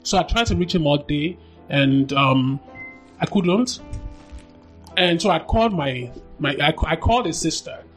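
A woman appearing as a podcast guest recounts her own story a little slowly but with animated, emphatic delivery, circling back over her words. Her pitch jumps when she reenacts her past dialogue, and quiet music runs in the background.

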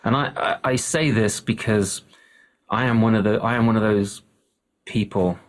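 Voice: medium pitch, steady tone, normal speed. Casting: casual interviewer, stammering restarts, easy laughter. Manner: hesitant, laughs often. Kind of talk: conversational interview.

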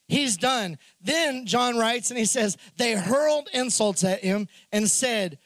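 A man preaching a sermon in an animated way, acting out the characters' lines in the story. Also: sits high, normal speed, no room sound. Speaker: pastor.

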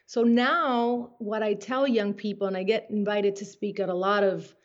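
A woman's voice: medium pitch, fairly even intonation, normal speed, muffled recording. A woman guest on a podcast interview who speaks in an earnest, motivational way.

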